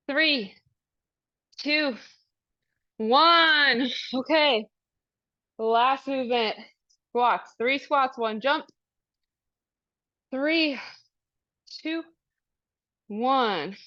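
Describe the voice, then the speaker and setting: Brief: female workout coach, a touch high, unhurried and encouraging, slightly winded, dull lo-fi sound. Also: fairly bright tone. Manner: upbeat, encouraging cues with countdowns. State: out of breath. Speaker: fitness coach. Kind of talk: live workout class instruction. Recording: dull lo-fi recording.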